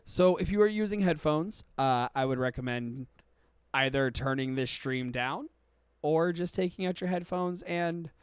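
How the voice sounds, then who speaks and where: A man's voice: on the high side, a little slow, clean tone, dry recording. A male podcast host giving casual streamed commentary, with profane, exaggerated ranting.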